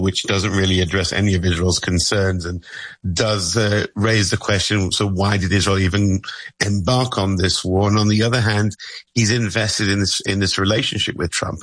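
A man's voice: on the low side, fairly even intonation, normal speed, fairly bright tone, no echo, low-quality recording. A male correspondent giving thoughtful news analysis, with frequent fillers and restarts.

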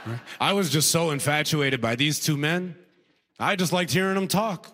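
A man doing a stand-up comedy routine, telling a story with quick impressions of the people in it. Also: a little high, in a large hall, noisy background. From outside the United States.

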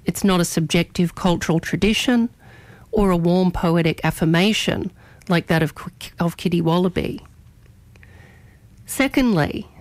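A woman's voice: fairly low pitch, a little mellow, dry recording. A woman hosting morning radio, delivering an argumentative opinion editorial and leaning on key words. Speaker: radio host.

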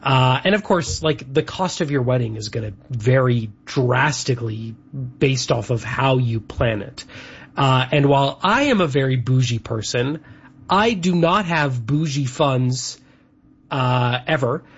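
A husky-voiced man from Canada chats through a show segment, rambling from item to item with plenty of fillers. His voice sits at a middle pitch. The recording sounds dull and lo-fi. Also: unhurried. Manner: chatty, rambling lists with fillers. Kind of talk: casual chat.

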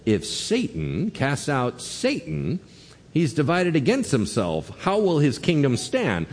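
A man preaching a sermon as pastor, emphatic and animated, swinging his voice up and down for emphasis. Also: fairly high pitch, slow. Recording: long reverb of a church hall.

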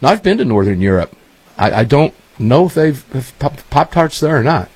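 Guy hosting a talk show, kinda husky, just rambling along, dry mic. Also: medium pitch, sing-song, moderate pace, a little mellow, no echo. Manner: rambling, chatty storytelling. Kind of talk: casual chat.

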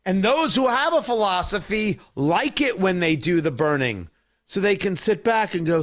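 Man, talk show host, opinion monologue, high pitch, impassioned, sarcastic. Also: animated, moderate pace.

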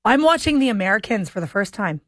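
A woman hosting a radio show in casual chat, tossing out quick joking asides. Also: mid-range voice, very animated, a bit bright, no room sound, clean studio sound. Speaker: radio host.

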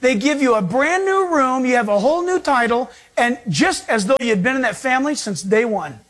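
A man preaching a sermon as a pastor, emphatic and animated. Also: extremely high pitch, a little fast. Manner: emphatic, animated preaching that acts out quoted voices.

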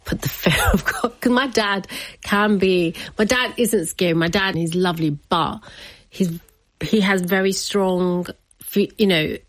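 As an interview guest, a woman with a medium-pitched voice tells a personal family story a little slowly, with no echo. She's animated, laughs a lot, and imitates her family members' voices.

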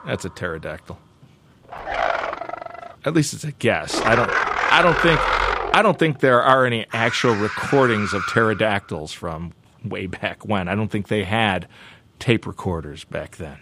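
A man hosting a show segment, joking playfully and talking in a loose, animated way with many restarts and asides. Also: lowish voice, unhurried, long pauses, heavy background noise. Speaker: show host.

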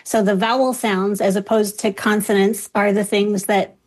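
A woman research professor, a guest on an interview, explaining in a clear, measured way. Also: mid-range voice, level tone, a little mellow.

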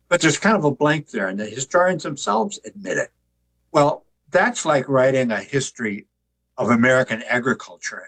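An older man with a husky, slightly breathy voice in a middle register tells stories as an interview guest. He talks in a relaxed, joking way. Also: mid-range voice, poor audio. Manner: relaxed storyteller who jokes. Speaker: author and artist, interview guest. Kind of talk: conversational interview storytelling.

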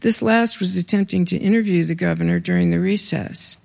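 A heavily gravelly, creaky voice at a middling pitch, reading their own writing to a live audience. They break off now and then for dry, wry remarks before slipping back into the text. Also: brisk, few pauses, darkish tone. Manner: wry, conversational asides between read passages. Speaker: author reading own work.

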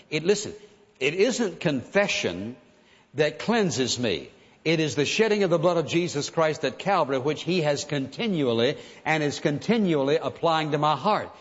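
A man preaching a sermon in an earnest, conversational way, now and then acting out pleading prayers. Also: a little high. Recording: muffled sound in a large reverberant hall.

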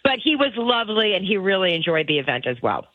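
A woman's voice: mid-range voice, very animated, quick pace, no room sound. A woman co-hosting and producing a talk show, telling stories playfully and laughing often over a tinny, phone-like line. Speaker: producer and co-host. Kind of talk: casual banter.

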